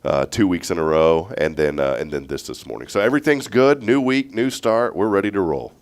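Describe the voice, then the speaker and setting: A man's voice: sits low, animated, brisk. A congested man, hosting a morning show in casual, rambling chat and laughing often.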